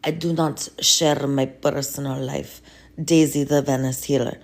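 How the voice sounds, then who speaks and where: A woman playing a boastful male Russian strongman leader in broken English, with a mock Russian accent, pompous and slow. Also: very deep voice, fairly even intonation, pitched below the performer's own voice. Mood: stern. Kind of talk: comedy sketch impression.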